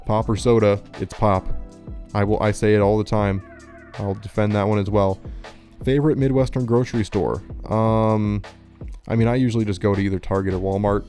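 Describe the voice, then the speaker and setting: A man's voice: on the low side, fairly even intonation, fairly quick, mellow, soft background music. A man from Minnesota, chatting casually and rambling with lots of "like" fillers as he reads quiz questions aloud. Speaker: channel host. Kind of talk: casual vlog chat reading quiz questions.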